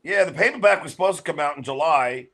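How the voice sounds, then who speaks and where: Male podcast guest, bright and high, loud animated storyteller. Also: quick pace. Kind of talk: casual chat.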